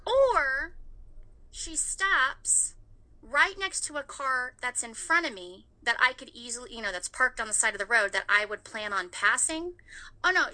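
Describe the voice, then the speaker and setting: A woman in her thirties with a very bright, ringing voice and a fairly high pitch. She tells her story in a lively, animated way and swears without holding back. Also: poor audio. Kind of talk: casual chat.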